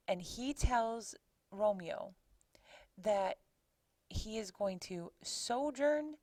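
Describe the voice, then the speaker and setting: A woman teacher casually retelling a play scene by scene, chatty and animated, putting the old lines into everyday words. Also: medium pitch, very slow, pauses often, no echo, poor audio. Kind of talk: lesson recap with paraphrased quotes.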